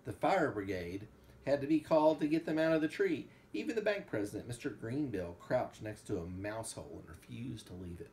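A man reading a storybook aloud at home to a child, with animated storytelling and quick asides. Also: mid-range voice, a little hiss or hum.

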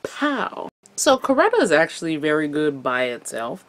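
A woman's voice: low-pitched, big pitch swings, normal speed, noisy background. Playful young woman chatting through makeup. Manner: chatty and playful, makes little sound effects. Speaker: beauty vlogger. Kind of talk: casual makeup tutorial chat.

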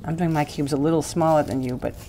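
A woman with a notably low voice talks through a recipe in a kitchen. She rambles and laughs easily, with a little faint noise behind her. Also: steady tone, quick pace, warm tone. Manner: chatty, rambling, laughs often. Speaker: cooking show host. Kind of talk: casual cooking demonstration.

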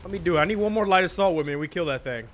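Bright, excitable male gaming streamer. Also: sits high, racing, slight background noise. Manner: excitable, joking, bursts into shouts. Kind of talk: casual gameplay commentary.

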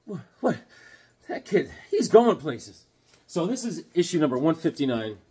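A middle-aged man chatting casually about his comic book finds, rambling and joking with silly voices in his stories. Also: medium pitch. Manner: rambling, jokey, puts on silly voices in anecdotes. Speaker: comic book collector vlogger. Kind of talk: casual show-and-tell chat.

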